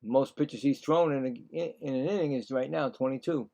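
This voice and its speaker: A man doing live play-by-play commentary on a baseball game, chatty and excitable, getting louder on big plays. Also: medium pitch, vocal fry. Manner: acts out players' thoughts in quick asides.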